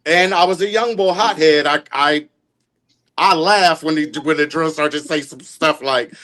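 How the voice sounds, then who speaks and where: A man's voice: on the high side, moderate pace, pushed and bright. A man with a Philadelphia accent, talking openly and bluntly about his temper in a casual group podcast chat. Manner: blunt, open, reflective. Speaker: podcast guest.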